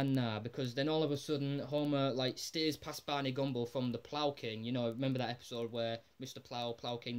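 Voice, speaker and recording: A man giving a casual, rambling spoken recap of a TV episode, excitable, with lots of "like" fillers and casual swearing. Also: mid-range voice, clean tone. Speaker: episode reviewer.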